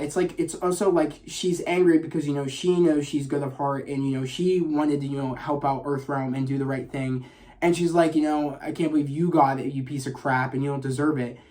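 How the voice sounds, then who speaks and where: A man giving a casual spoiler review of a film in a vlog, excited and rambling, with many fillers, restarts and swearing. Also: on the high side.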